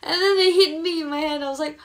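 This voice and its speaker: Brief: young woman live-streamer, native English speaker, fast chatty patter, a little high, reads comments aloud on a phone. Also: steady tone. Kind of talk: casual live-stream chat.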